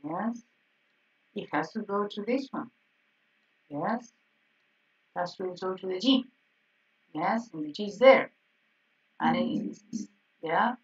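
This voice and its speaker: A woman piano teacher explaining harmony exercises in an online group lesson, checking in with frequent "yes?" and soft laughs. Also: mid-range voice, animated, slow, pauses often. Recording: slightly dull, distant online call audio.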